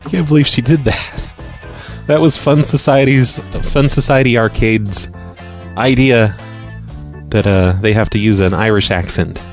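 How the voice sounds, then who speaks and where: A man hosting a live radio show and making prank phone calls, speaking deadpan and often stumbling over his words. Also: mid-range voice, measured pace, soft background music. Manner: deadpan, stammers and repeats words. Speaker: prank-call radio host.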